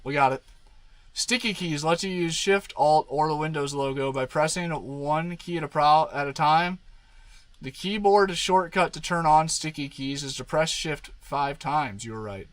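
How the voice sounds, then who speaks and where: A man's voice: a little high, moderate pace, fairly bright tone, dry recording, low-quality recording. A man chatting casually on a live stream, rambling and talking baby talk to his dog.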